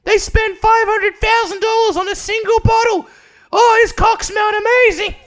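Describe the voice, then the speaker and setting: A man doing a shrill, scolding old British sitcom woman, shouting and drawing out his words. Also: fairly even intonation. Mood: gushing. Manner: shouting, drawn-out, preachy.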